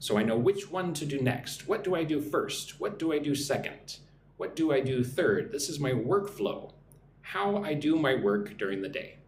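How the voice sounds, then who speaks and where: In a live-streamed vocabulary lesson, a man teaches English words with a lively pitch that rises and falls. He spells each word out slowly, syllable by syllable, and keeps checking in with "right?" His voice echoes around the room over a faint ambient hum.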